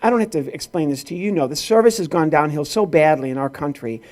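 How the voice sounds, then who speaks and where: His voice is a little high and darkish, and he talks at a quick pace. This middle-aged comic from rural Illinois in the Midwest performs stand-up at a corporate event, acting out dialogue in his stories.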